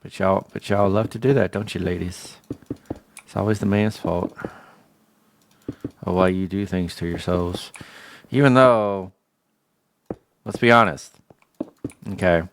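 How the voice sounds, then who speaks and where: A man's voice: deep voice, unhurried, long pauses, a little hiss or hum. A man livestreaming a game, chatting casually in a slangy, joking rant. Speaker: gaming livestreamer. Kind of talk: casual chat while gaming.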